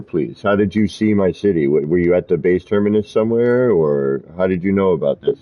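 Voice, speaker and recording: A man with a fairly low voice chats loosely while he streams a game, rambling from one thought to the next as players drop into his voice chat. The audio is dull and lo-fi, like a basic stream mic. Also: lively intonation, brisk, hardly any pauses. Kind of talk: casual live-stream chat while gaming.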